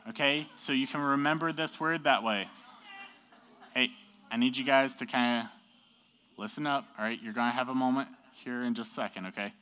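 A man's voice: a little high, pushed and bright, clear, resonant tone. A young man teaching a class in a casual, upbeat way, often checking in with the group. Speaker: youth teacher.

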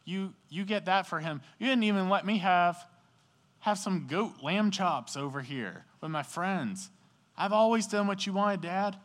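A man's voice: high-pitched, a little slow, fairly bright tone, pitched above the performer's own voice. A man voicing a resentful young older brother who complains in whiny, slangy speech. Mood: indignant. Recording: echoey hall.

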